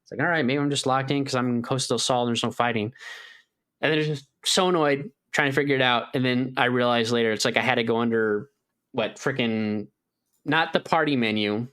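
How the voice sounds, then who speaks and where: A man's voice: medium pitch, a little fast, fairly bright tone. A man co-hosting a gaming podcast in casual chat, rambling with lots of "like" and acting out his own reactions in a raised voice. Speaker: podcast co-host.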